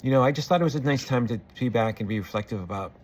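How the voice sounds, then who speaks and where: A man's voice: medium pitch, racing, a little hiss or hum. A middle-aged man talking earnestly and reflectively to camera, rambling with many fillers and restarts. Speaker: vlogger. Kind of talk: personal reflective monologue.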